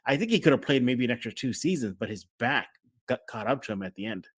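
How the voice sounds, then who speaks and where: A man's voice: medium pitch, lively intonation, fast, breathy edge. A man hosting a casual sports podcast, talking with energy and acting out fan reactions. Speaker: podcast host.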